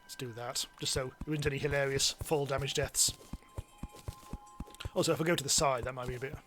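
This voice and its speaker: A man giving chatty, self-mocking live commentary as he streams a game, now and then bursting into excited yelps. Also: mid-range voice, brisk, faint music behind. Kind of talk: live let's-play commentary.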